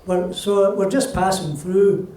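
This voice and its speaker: A man's voice: high-pitched, steady tone, slow, warm tone, slight background noise. A man with a Scottish accent voicing a shy young Scottish man who hesitates and trips over his words. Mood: awkward. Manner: hesitant, stumbling. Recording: roomy, distant live reading.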